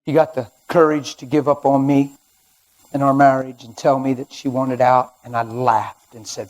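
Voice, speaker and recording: A man preaching a sermon, telling his own story and swinging from hushed to loud. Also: medium pitch, level tone, moderate pace, poor audio. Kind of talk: sermon testimony. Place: church or studio.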